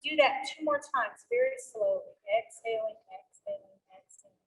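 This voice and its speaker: A middle-aged woman teaching a seated yoga class, calmly cueing each breath and movement. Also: sits high, moderate pace, creaky, rough recording. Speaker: yoga instructor. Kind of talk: guided chair yoga class.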